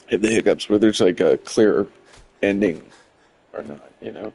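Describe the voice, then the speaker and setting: Male streamer, low-ish gravelly voice, loose rambling commentary with fillers. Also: normal speed, darkish tone, rough recording. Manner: rambling, many fillers, chuckling. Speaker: game streamer. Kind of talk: casual gameplay commentary.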